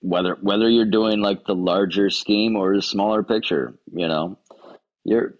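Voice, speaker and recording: A man's voice: lowish voice, steady tone, measured pace, muffled recording. A man co-hosting a podcast, joking wryly about a film in casual talk, often repeating words as he restarts. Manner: wry, joking, stammers on restarts. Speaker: podcast co-host. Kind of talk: casual movie discussion.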